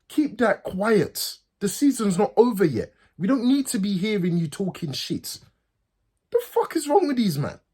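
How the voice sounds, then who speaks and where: A man, a football fan host, ranting furiously, swearing and repeating himself, his voice swinging from high outbursts to low mutters. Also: slightly rough. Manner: pitch swings from loud highs to low mutters. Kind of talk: angry fan rant.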